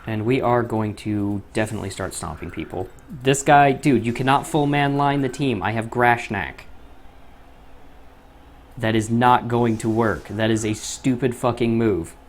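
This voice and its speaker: A man's voice: medium pitch, unhurried, a little hiss or hum. A young man commentating his own gameplay, often frustrated, swearing and muttering to himself. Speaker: gaming YouTuber.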